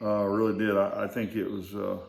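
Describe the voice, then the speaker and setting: A man's voice: lowish voice, level tone, gravelly. Older man rambling through family stories. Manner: rambling, halting, with many fillers and restarts. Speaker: storyteller. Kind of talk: casual storytelling. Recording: echoey room.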